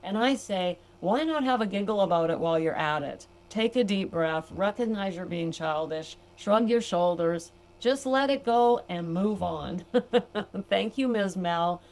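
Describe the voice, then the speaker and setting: A woman's voice: mid-range voice, expressive, unhurried. Older woman, podcast sobriety coach, casual and talkative, laughs easily. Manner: warm, chatty, laughs easily, addresses listeners as gals. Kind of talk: casual podcast monologue reading from a book.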